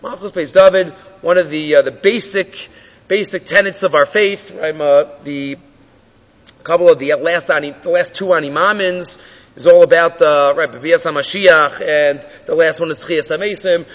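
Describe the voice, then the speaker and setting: A man with a high voice delivers a lively Torah class, telling the story and firing questions at his listeners before he answers them. He drops Hebrew and Yiddish terms into his English. The sound is a little dull, with a long echo as if from a hall. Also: normal speed. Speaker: Torah teacher. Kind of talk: animated Torah class lecture.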